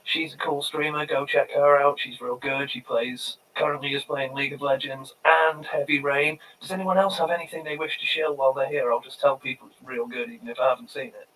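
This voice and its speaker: A man's voice: mid-range voice, steady tone, brisk, hardly any pauses, fairly bright tone. A man chatting casually on a game stream, rambling and self-deprecating. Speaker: player and streamer. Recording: distant mic with faint background noise.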